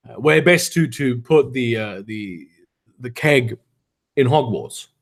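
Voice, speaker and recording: A man's voice: medium pitch, lively intonation, slow. A man reading a fan story aloud for comedy, breaking off for mocking, sarcastic asides. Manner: sarcastic, mocking commentary between read lines. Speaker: reader of fan fiction.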